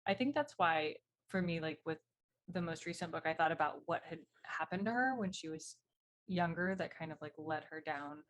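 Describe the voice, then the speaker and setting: A woman's voice: low-pitched, expressive, moderate pace. A woman co-hosting a casual chat about writing, talking in a friendly, chatty, supportive way. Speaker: podcast co-host, novelist.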